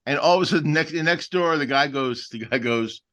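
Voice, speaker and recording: Excitable bright-voiced man telling a story. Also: fairly high pitch, fairly quick. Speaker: podcast co-host. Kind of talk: casual comedic storytelling.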